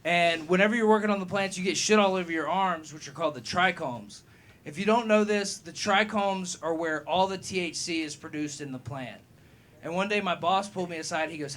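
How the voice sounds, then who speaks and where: A man's voice: high-pitched, brisk, a little hiss or hum. A young man doing a profane, rambling stand-up set at an open mic, laughing at his own jokes. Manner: gets loud and heated answering a heckler. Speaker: stand-up comedian. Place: comedy club open mic.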